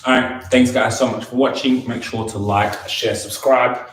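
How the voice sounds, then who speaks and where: A man's voice: medium pitch, fairly even intonation, a bit bright. Joking young man in an echoey room. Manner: jokey, rambling, quick bursts. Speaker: podcast co-host, son. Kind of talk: casual chat. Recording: echoey room, background noise.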